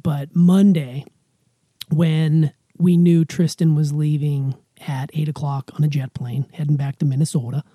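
A young woman hosts a podcast, bantering teasingly with her younger sister. Her voice is low, dark and mellow, with a husky edge. It is recorded dry and close, with no room sound. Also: steady tone, unhurried, no echo. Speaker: podcast host. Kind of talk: casual chat.

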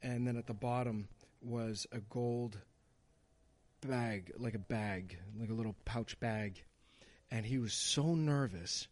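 A man's voice: mid-range voice, slow pace, a little mellow, dry recording. A young man in casual chat, telling a long anecdote with many restarts and fillers.

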